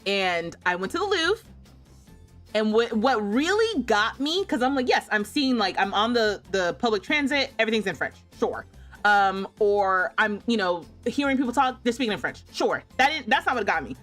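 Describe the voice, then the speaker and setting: A young woman from the United States chats casually while she plays a game, her pitch swinging widely as she acts out what people said. She laughs often and keeps the story lively, with faint music playing behind her. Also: moderate pace. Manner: animated, laughs often, acts out quoted voices. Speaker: streamer.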